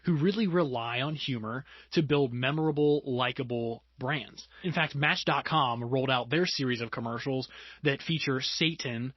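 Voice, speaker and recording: A man's voice: mid-range voice, normal speed, no echo, dull audio. A man hosting a marketing podcast, upbeat and steering the talk with questions. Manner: upbeat, leads the discussion with questions. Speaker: podcast host. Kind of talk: casual podcast chat.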